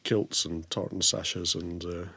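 A Scottish man, a guest in a casual interview, explaining things in a halting way with restarts. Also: low voice, steady tone, vocal fry, bright, forceful tone, a little hiss or hum. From Scotland.

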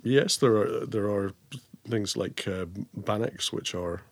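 A Scottish man, a guest in a casual interview, explaining things in a halting way with restarts. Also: on the low side. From Scotland.

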